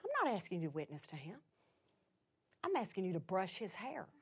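Woman putting on the voice of God, low, hushed, firm, measured, spoken inward. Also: sing-song, husky, exaggerated voice. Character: God, calm commanding divine male voice.

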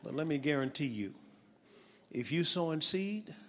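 A male preacher giving an animated sermon with a personal testimony, calling out to his congregation and building to shouts. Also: on the high side, moderate pace. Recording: long reverb of a large hall.

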